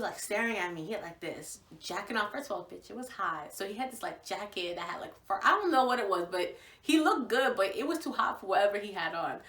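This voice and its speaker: A young woman from Virginia, casually telling a story to the camera in an animated, gushing way, acting out what people said. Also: mid-range voice. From Virginia, USA. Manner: animated, gushing, acts out quotes. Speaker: vlogger. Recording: echoey room, voice from far off.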